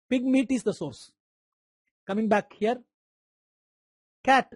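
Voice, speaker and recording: A man with an Indian English accent gives a live online medical lecture in an extremely high, darkish-toned voice, speaking at a moderate pace with long pauses and no room sound. He repeats key terms, quizzes students by name, and throws in playful sound effects.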